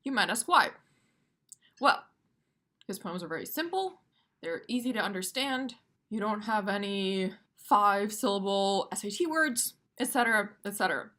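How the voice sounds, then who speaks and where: A woman's voice: medium pitch, animated, normal speed, sharp tone. A woman teaching poetry for exam review, casual and emphatic, tapping out rhythms aloud.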